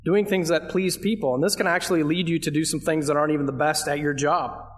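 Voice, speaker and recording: A man's voice: on the high side, steady tone, fast talker. A man preaching a verse-by-verse sermon, conversational, asking his listeners questions and leaning hard on key phrases. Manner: conversational, asks the congregation questions; emphatic, leans on key phrases. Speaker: pastor.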